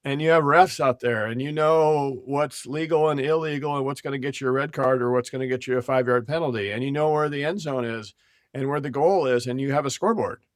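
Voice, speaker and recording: A man's voice: medium pitch, fairly quick, no echo, clean studio sound. A man hosting a business podcast, talking casually in long run-on sentences and joking with his guest. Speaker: podcast host.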